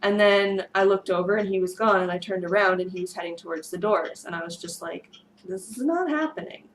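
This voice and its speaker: A woman's voice: fairly low pitch, flat delivery, fairly quick, a little hiss or hum, rough recording. A woman vlogger recounting a tense street incident in a rambling storytime monologue, her voice strained from screaming earlier. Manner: rambling, many fillers and restarts. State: losing her voice.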